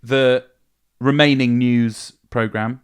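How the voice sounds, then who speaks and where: A man's voice: medium pitch, steady tone, slow pace, a little hiss or hum. A man hosting a podcast, asking questions and adding dry, teasing comments. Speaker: podcast host. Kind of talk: casual podcast interview.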